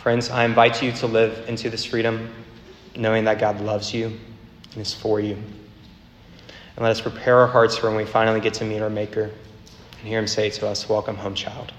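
A man preaching a sermon as a campus minister, earnest, with a repetitive cadence that slows down for emphasis. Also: fairly low pitch, level tone, slight background noise. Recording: echoey hall, faint ambience.

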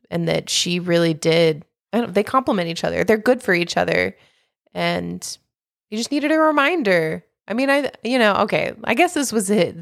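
Woman host, casual chat, rambling and laughing; low, gravelly voice. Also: dry recording, clean studio sound. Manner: rambling, laughing, acts out quotes. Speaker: podcast co-host.

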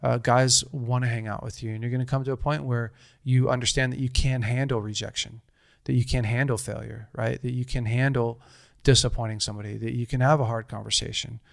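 A man's voice: medium pitch, fairly even intonation, fairly quick, gravelly, few pauses, dry recording, clean studio sound. A man in his thirties telling a personal story in casual conversation, earnest and rambling, with frequent restarts.

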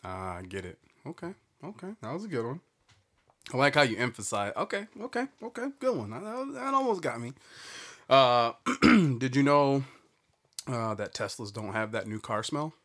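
A man's voice: medium pitch, sing-song, moderate pace, fairly bright tone. A man co-hosting a podcast, telling jokes in a loose, laughing, casual chat. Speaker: podcast co-host.

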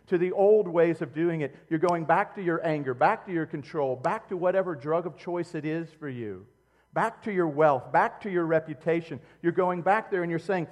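A middle-aged man preaching a sermon as a pastor, swinging between loud emphatic outbursts and quiet, low, intimate passages. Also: in a large hall.

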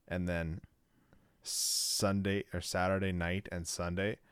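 A man's voice: low voice, little pitch movement, slow pace, clean tone, no echo, studio quality. A man co-hosting a casual chat, rambling with lots of "like" and restarts.

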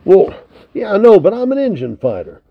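A man's voice: high voice, huge pitch swings, normal speed, vocal fry, pitched above the performer's own voice, heavily acted. A man reading the part of a surly, boastful mountain-man fighter in a storybook, with a sneering, defiant manner. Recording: tinny narrow lo-fi recording.

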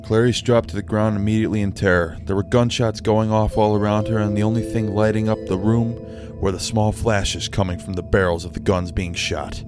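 A man casually reading a story aloud and joking about his own slips. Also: fairly low pitch. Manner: self-deprecating, laughing at his own slips. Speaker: storyteller and channel host.

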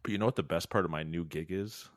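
A man's voice: low voice, fast, no echo, clean studio sound. A man co-hosting a podcast in a teasing, wisecracking way. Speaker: podcast co-host. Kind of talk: casual podcast chat.

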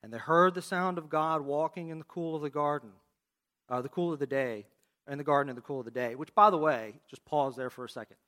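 A man preaching a sermon, reading scripture aloud and asking the congregation questions in an expressive way. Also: fairly high pitch, brisk. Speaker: pastor.

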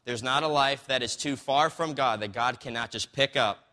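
Man, pastor, sermon, conversational storytelling, bright voice, long hall reverb. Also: medium pitch, normal speed.

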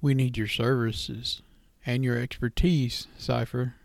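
A man voicing a shadowy, well-dressed male stranger who speaks low, hushed and sly. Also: moderate pace, no echo, studio quality, lightly acted.

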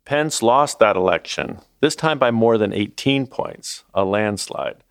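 A man narrating a documentary as its host, in a measured, scripted delivery. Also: on the low side, lively intonation, vocal fry, dry recording, clean studio sound.

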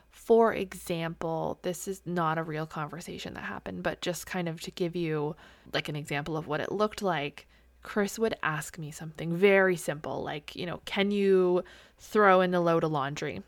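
A woman's voice: on the low side, fairly bright tone, no echo. Candid woman in her thirties, dry sound. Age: 30s. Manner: candid, open, casually swears. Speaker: podcast host. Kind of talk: solo personal podcast talk.

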